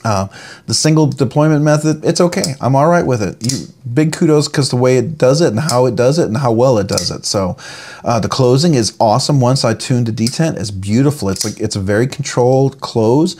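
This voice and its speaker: A man talks through a knife review in a relaxed, chatty way. He rambles, restarts his sentences and gushes with enthusiasm. His voice sits at an ordinary, middling pitch. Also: a little fast, a little hiss or hum. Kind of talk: casual product review.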